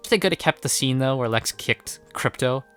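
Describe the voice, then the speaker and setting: A man giving a casual spoken movie review, rambling and swearing freely, with animated outbursts. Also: medium pitch, normal speed, clean tone, faint music behind. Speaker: film reviewer.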